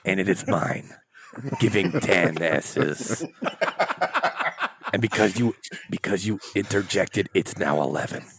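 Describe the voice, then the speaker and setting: A man's voice: low voice, gravelly, noisy background, full character voice. A man putting on a pompous, over-the-top French accent as he impersonates an actor on a podcast. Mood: grandiose. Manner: slow, pompous pronouncements. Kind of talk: comedic impression on a podcast.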